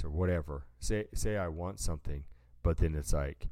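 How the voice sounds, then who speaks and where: A man's voice: extremely low pitch, normal speed, warm tone, no room sound, studio quality. A man co-hosting a podcast in casual chat, rambling through stories and acting out what people said. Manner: rambling storyteller, acts out quotes, says "dude". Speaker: podcast co-host.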